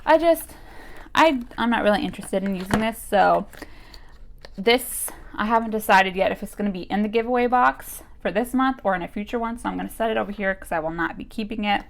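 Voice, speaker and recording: A woman's voice: medium pitch, brisk, vocal fry, slight background noise. A young woman chatting casually through a beauty box unboxing, full of fillers and a little out of breath. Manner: chatty, with many fillers like "like" and "you guys". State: a bit out of breath. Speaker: beauty vlogger.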